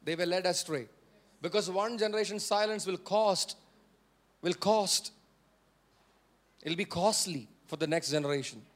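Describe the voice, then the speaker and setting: High-voiced man preaching a sermon. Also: measured pace, pauses often. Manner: repeats key phrases for emphasis; questions and prompts the congregation. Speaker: pastor.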